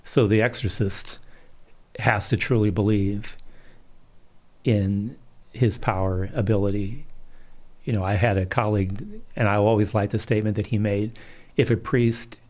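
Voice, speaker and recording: A middle-aged man, a Catholic priest, calmly telling stories in an interview. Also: fairly low pitch, a little slow, pauses often. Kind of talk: storytelling in a livestream interview.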